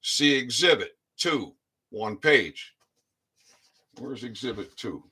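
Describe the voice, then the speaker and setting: This man's mid-range voice is expressive, husky, pushed and bright as he goes over his court filing in a casual vlog. He reads the documents aloud, slows for key phrases and checks in with frequent "all right?"s.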